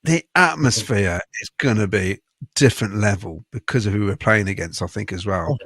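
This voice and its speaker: A man's voice: lowish voice, normal speed, a bit bright, slightly rough, no room sound, studio quality. A man hosting a casual football fan podcast, chatting, laughing often and reading out viewer messages.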